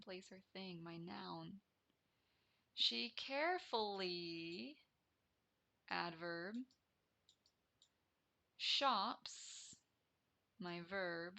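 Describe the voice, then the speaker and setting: A woman English teacher explaining a grammar lesson deliberately, repeating each key term. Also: mid-range voice, gravelly, pushed and bright.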